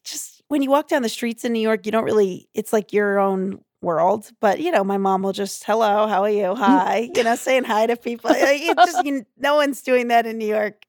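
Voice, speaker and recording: A young woman, a guest comedian, telling stories in a chatty, animated way with many fillers. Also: on the high side, moderate pace, hardly any pauses, dry recording, clean studio sound. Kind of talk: casual interview storytelling.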